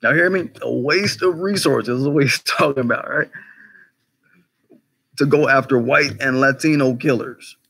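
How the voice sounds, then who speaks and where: A man hosting a casual livestream commentary, talking in an animated, conversational way, swearing freely, firing off rhetorical questions and greeting chat viewers by name. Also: mid-range voice, a little slow, gravelly, slightly rough. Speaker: commentary channel host.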